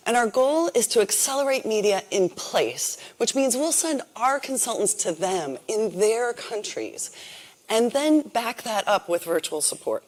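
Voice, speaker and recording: A woman's voice: a little high, sing-song, measured pace. A woman presenting at a conference, giving an upbeat, scripted announcement.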